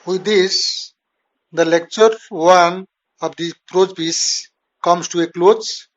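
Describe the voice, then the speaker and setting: An older man with an Indian English accent giving a recorded literature lecture, paraphrasing lines slowly and with emphasis. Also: high-pitched, steady tone. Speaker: English teacher. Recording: dull lo-fi audio.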